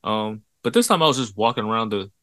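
A man's voice: fairly low pitch, animated, fast talker, bright, forceful tone, no echo. A young man co-hosting a casual podcast, telling an anecdote in a laid-back, profane way and laughing often. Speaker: podcast co-host. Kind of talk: casual chat.

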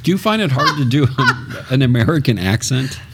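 A man's voice: medium pitch, very animated, a little fast, heavy background noise. A man co-hosting a talk show, chatting and cracking jokes. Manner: jokey, teasing interjections. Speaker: co-host. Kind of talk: casual chat.

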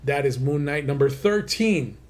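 A man's voice: fairly high pitch, animated, normal speed, a little mellow. A man co-hosting a countdown list show, talking in an enthusiastic, loose way with lots of casual fillers. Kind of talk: casual chat.

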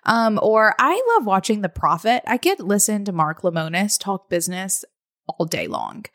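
A woman co-hosting a podcast, chatting casually and softening her points with "sort of" as she gives advice. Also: medium pitch, big pitch swings, normal speed, no room sound, studio quality. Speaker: podcast co-host.

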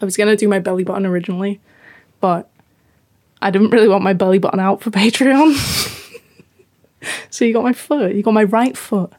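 A woman's voice: mid-range voice, fairly even intonation, a little fast, long pauses, a little mellow. A woman co-hosting a podcast, chatting casually and playfully pulling a prank. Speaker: podcast co-host. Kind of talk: casual chat.

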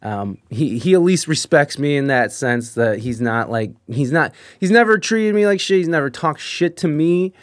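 A man's voice: a little high, expressive, moderate pace, few pauses, no room sound, clean studio sound. A man telling casual, rambling stories from his job, swearing often and laughing as he goes. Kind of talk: casual storytelling.

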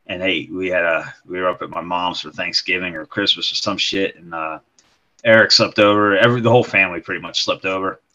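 A man's voice: low voice, steady tone, a little fast, pushed and bright, lo-fi sound. A man co-hosting a podcast, swearing freely and telling family stories in casual chat. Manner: swearing, laughing storyteller.

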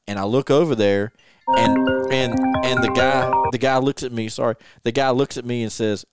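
A man hosting a podcast, an ex-wrestler telling stories in a lively, anecdotal way. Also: medium pitch, normal speed, loud music behind the voice. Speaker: podcast host and former wrestler. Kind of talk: casual storytelling interview.

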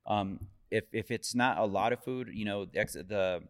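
A man's voice: fairly low pitch, normal speed. A man from Colorado, co-hosting a casual podcast chat; jokey and enthusiastic, talking in stops and restarts. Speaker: podcast co-host, real estate agent.

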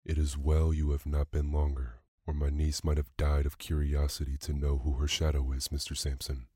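A man's voice: very deep voice, completely flat delivery, normal speed, husky, dry recording, clean studio sound. A man voicing a tender, doting uncle. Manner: soft, tender delivery.

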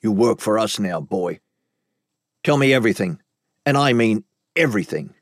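A cunning criminal boss, voiced by a man narrating a storybook, gruff and threatening. The reading is lively in pitch and recorded dry and close. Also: moderate pace, no room sound. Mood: menacing.

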